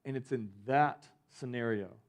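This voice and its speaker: A man's voice: medium pitch, a little slow. A young man, a student ministry pastor giving a conversational youth sermon, full of "like" fillers as he retells a personal story. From Georgia.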